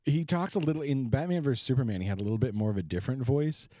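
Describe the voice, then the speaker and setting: A man's voice: medium pitch, very fast, mellow, no echo. A man co-hosting a podcast, chatting casually with an opinionated, sarcastic delivery. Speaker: podcast co-host. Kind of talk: casual chat.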